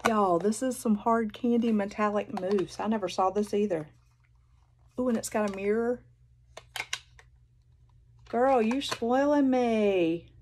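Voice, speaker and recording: A woman from North Carolina with a Southern US accent sits in a chair at home, unboxing gifts for her haul vlog and recorded on a phone. She chats casually, gushing and exclamatory, calling viewers "y'all." Her medium-pitched voice is a little mellow, at a measured pace with frequent pauses, and there's a slight hiss or hum.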